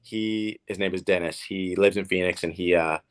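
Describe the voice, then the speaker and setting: A man's voice: low voice, fairly even intonation, normal speed, clean tone. A man in his thirties from Oklahoma, a professional tennis player telling stories in a casual interview, rambling and repeating words with many fillers. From Oklahoma, USA.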